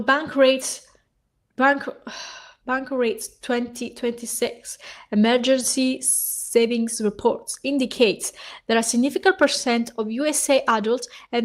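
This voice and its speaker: High-pitched woman ranting angrily. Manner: heated, profane, ranting while reading aloud. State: hoarse. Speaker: vlogger. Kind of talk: angry reaction rant.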